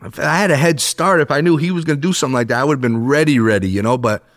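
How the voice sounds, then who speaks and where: A man in his thirties, a podcast guest, telling a story in casual chat, animated and swearing, acting out what people said. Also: mid-range voice, very fast. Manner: animated, swears, acts out quotes.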